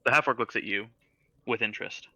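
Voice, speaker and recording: A man narrating as dungeon master in a tabletop game, with loose, animated description. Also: fairly low pitch, fairly quick, a little hiss or hum.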